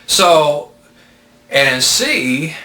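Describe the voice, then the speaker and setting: A man gives a methodical Bible lesson, working patiently through grammar and posing questions to his listeners. His voice sits a little high and sounds bright and forceful. The recording carries a clear echo from the room. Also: big pitch swings, drawn-out words. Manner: methodical, patient, explains step by step with rhetorical questions. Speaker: Bible teacher. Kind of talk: explanatory lecture.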